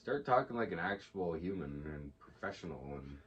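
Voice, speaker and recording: A man's voice: low voice, animated, moderate pace, fairly bright tone, breathy edge. A man co-hosting a casual podcast chat, making dry, blunt remarks. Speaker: podcast co-host. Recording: dull lo-fi sound.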